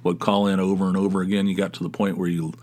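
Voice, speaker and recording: Low-voiced rambling podcast host man. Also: flat delivery, fast, a little mellow. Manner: meandering, stammering restarts, self-deprecating. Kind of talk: casual solo podcast talk.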